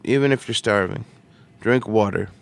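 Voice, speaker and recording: Low-voiced man telling a story. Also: moderate pace, creaky. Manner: animated, slips into voices of people he quotes. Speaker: interview guest. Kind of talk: casual storytelling in an interview.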